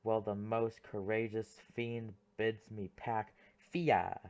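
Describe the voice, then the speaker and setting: A man's voice: lowish voice, level tone, slow pace, darkish tone. A man voicing a comic young clown servant, rambling through a monologue in an audiobook play reading.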